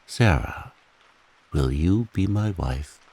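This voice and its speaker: A man softly voicing a humble, pleading lover. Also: low voice, expressive, slow, exaggerated voice. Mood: earnest, pleading. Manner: earnest, husky, pleading. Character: humble devoted man confessing love.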